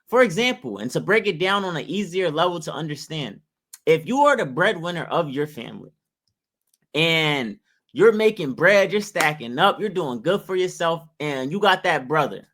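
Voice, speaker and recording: A man's voice: a little high, animated, moderate pace, a bit bright. A man giving emphatic, preachy opinion commentary to his viewers, full of rhetorical questions.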